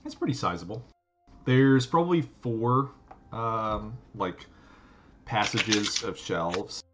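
Over a video call with music in the background, a man with a lowish, expressive voice speaks slowly as game master of a tabletop game. He describes scenes loosely and rambles, filling his speech with plenty of "like" and "um".

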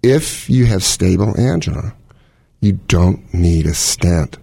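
A man's voice: deep voice, expressive, takes it slowly, gravelly, mellow, breathy edge, no room sound, clean studio sound. A middle-aged man, a cardiologist, explaining heart conditions in casual chat with analogies and quoted scenarios. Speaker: cardiologist host.

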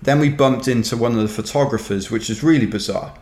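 A man's voice: medium pitch, a little fast, a little mellow. A Welsh man telling a rambling, wry story in casual chat, dotted with "kind of" and "you know". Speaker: ultrarunner guest. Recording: roomy echo.

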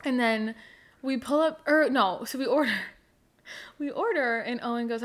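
A young woman with a somewhat high voice tells a story in casual conversation. She laughs often as she talks and leans on "like" as a filler. She sounds like a relaxed podcast host. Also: moderate pace. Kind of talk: casual chat.

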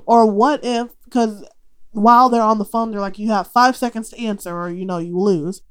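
A young adult woman hosting a casual movie podcast, talking in an animated, profane way and acting out the characters' lines. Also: medium pitch, normal speed, clear, resonant tone. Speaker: podcast host.

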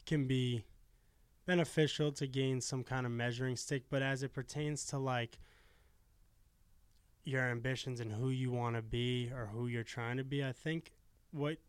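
A man's voice: medium pitch, steady tone, unhurried, clean tone, dry recording. A man in his twenties, a podcast guest talking in a casual, earnest and reflective way and swearing now and then. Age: 20s.

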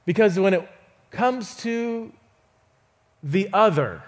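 This is a sermon from a guest preacher in a church auditorium, heard through a stage mic. The man has a high voice for his sex and talks slowly, yet tells his stories with real energy, voicing the characters he quotes and laughing softly along the way.

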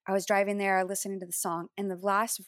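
A woman in her thirties tells a personal testimony as a guest on an interview show. She speaks at a middle pitch, with earnest warmth, and slips into voices as she acts out remembered conversations. The sound is close and dry, with no room echo. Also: little pitch movement, fast talker. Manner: earnest storytelling, acting out remembered dialogue. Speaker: worship leader, interview guest.

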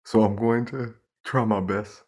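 A man's voice: fairly low pitch, steady tone, unhurried, darkish tone. A man co-hosting a casual podcast chat, playfully reading out headlines and laughing easily. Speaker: podcast co-host.

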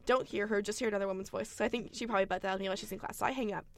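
A woman's voice: mid-range voice, very fast. Young woman laughing through a story. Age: young adult. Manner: animated, laughs often while telling a story. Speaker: podcast co-host. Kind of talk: casual storytelling chat.

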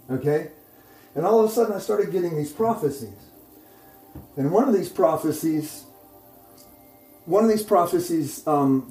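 A male preacher with a fairly high, mellow, warm voice tells a sermon testimony in an echoey room. He keeps checking in with "okay?" and "right?", and his voice rises loud and excited as the story builds. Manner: grows loud and excited while retelling.

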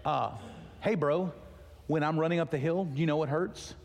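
A pastor delivering a sermon, telling a story with lively acted-out dialogue. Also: male voice, a little high, moderate pace, gravelly. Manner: animated storytelling, acting out dialogue. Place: church auditorium. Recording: long reverb of a large hall.

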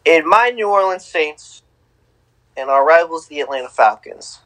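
Young male sports co-host, excitable, punchy repeats, fairly high voice. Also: unhurried, low-quality recording. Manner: excitable, repeats himself for emphasis. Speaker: podcast co-host. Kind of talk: casual sports talk.

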